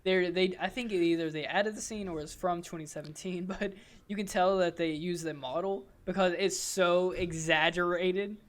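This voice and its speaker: High-voiced man chuckling mid-sentence. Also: steady tone, normal speed, a bit bright, slight background noise. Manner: joking, chuckles through his sentences. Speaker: podcast co-host. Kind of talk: casual chat.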